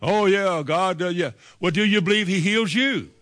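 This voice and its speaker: A man's voice: sits high, moderate pace, fairly bright tone. A man preaching a sermon as pastor, firing rhetorical questions at the congregation and acting out doubters' replies.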